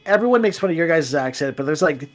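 A man's voice: a little high, animated, fast. A man chatting playfully about a movie, slipping into mock voices. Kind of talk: casual movie-watching commentary.

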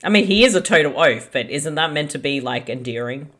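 An Australian co-host in casual chat about a film, making quick jokes and giggling often. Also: medium pitch, animated, fairly bright tone. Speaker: co-host of a movie-watching podcast.

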